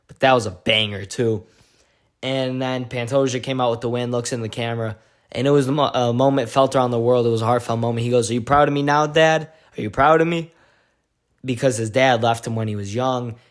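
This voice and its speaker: A male vlogger giving an excitable, slangy recap of a fight week, full of "like"s. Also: medium pitch. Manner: excitable, slangy storytelling with many "like"s. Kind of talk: casual event recap vlog.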